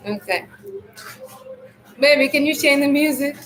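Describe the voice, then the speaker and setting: A high-pitched woman talks loudly and loosely on a live stream, rambling through a spiritual message to her viewers. Her throat is irritated and she keeps clearing it. The sound carries a roomy echo. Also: unhurried, music in the background. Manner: loud, loose and rambling, speaks to viewers as family.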